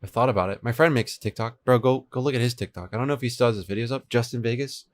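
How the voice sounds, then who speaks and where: Rapid-fire and mid-range, this young man in his twenties keeps up easygoing banter with his livestream chat while he codes a game server. An air conditioner runs in his home room, and he switches between two desk microphones.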